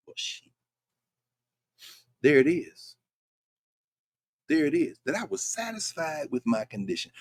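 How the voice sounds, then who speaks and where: A man's voice: mid-range voice, expressive, normal speed, no room sound, clean studio sound. A man hosting a lecture-style commentary show, talking emphatically and conversationally and putting rhetorical questions to his listeners. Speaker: host.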